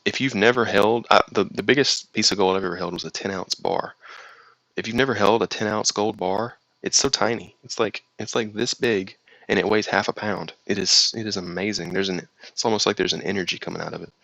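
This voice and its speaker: Male host with a slight Southern drawl, low and gravelly, reading chat comments and chatting loosely. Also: fairly even intonation, a little fast, sharp tone, no room sound, rough recording. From United States. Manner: rambling, reads viewer comments aloud then reacts. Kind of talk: casual chat.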